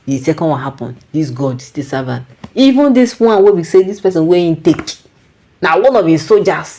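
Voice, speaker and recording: A woman's voice: fairly low pitch, animated, moderate pace, dark tone. A Nigerian woman giving reflective casual commentary, slipping into Pidgin and restarting her sentences.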